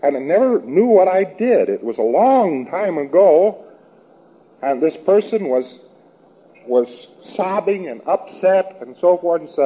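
A man's voice: high voice, very animated, a little slow, breathy edge. A man giving an informal lecture in a wry, rambling, anecdotal way. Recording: thin phone-like old recording.

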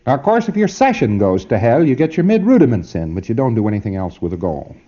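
A man's voice: medium pitch, big pitch swings, fast talker, dark tone, lo-fi sound. A man giving an informal training lecture, emphatic and wry, often checking that his listeners follow.

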